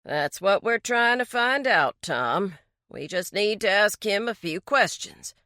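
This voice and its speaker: A woman's voice: mid-range voice, animated, unhurried, bright, forceful tone, no echo, clean studio sound. A woman voicing a level-headed male sheriff who speaks in a firm, placating way.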